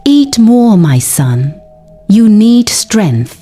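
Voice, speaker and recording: A scheming older mother-in-law speaks smoothly, her sweetness hiding cruelty, as a woman storyteller puts her on. The voice is mellow and a little husky, with slow delivery. Music plays faintly behind. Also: mid-range voice, big pitch swings, exaggerated voice. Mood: falsely sweet.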